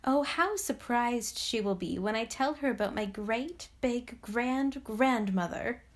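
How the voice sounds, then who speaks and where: A woman's voice: fairly high pitch, slow pace. A woman voicing a curious little girl princess in a storybook reading, asking eager, wondering questions.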